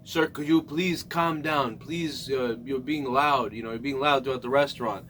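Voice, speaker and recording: A man doing a hushed, apologetic waiter. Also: medium pitch, moderate pace, a little hiss or hum, pitched below the performer's own voice, lightly acted. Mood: politely hushed. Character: polite soft-spoken male restaurant waiter.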